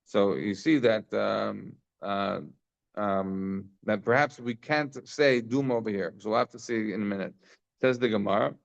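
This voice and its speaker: A man's voice: medium pitch, vocal fry, dull audio. A man teaching a daily Talmud class, explaining the text informally with frequent fillers and restarts.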